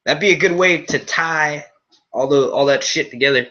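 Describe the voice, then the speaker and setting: Male stream host, loose profane chatter, bright edgy voice, dull lo-fi audio. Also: on the high side, moderate pace. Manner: rambling, profane, casual, says "yo" a lot. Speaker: host of a movie and TV review stream. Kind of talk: live-stream chat with viewers.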